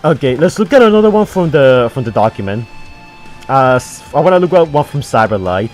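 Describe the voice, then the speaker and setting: Excitable, flustered male streamer. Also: medium pitch, a little fast, faint music behind. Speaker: livestream host. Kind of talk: casual livestream chat.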